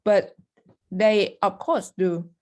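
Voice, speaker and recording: A woman moderating a chat, reading student questions aloud in a careful, halting way with small slips. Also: mid-range voice, steady tone, a little mellow.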